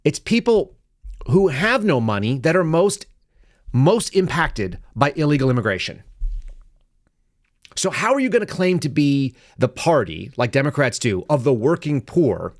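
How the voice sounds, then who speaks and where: Middle-aged guy hosting a political show, sarcastic, goes from mumbly to worked up, dry close mic, mid-pitch voice. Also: no echo. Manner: animated, sarcastic, swings from low mutter to raised outbursts. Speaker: podcast host. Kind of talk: live political commentary show.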